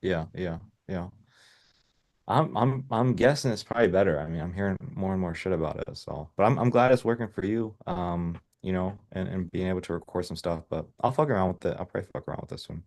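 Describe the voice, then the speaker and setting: Chill low-ish guy from india coaching someone on a video call, lots of yeah bro. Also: fairly quick, darkish tone. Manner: laid-back, lots of "yeah" and "bro", swears casually. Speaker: business coach.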